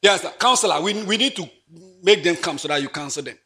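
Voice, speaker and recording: A man preaching in church, playful and animated, laughing often and swinging from loud exclamations to quiet asides. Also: sits high, brisk. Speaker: pastor. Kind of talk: lively sermon.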